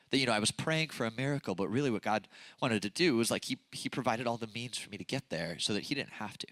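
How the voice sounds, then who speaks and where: A man's voice: medium pitch, expressive, a little fast, fairly bright tone, no echo. A young man with a nasal voice from a broken nose, giving a casual, chatty youth sermon full of fillers and self-deprecating stories. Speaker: youth pastor. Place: church youth service stage.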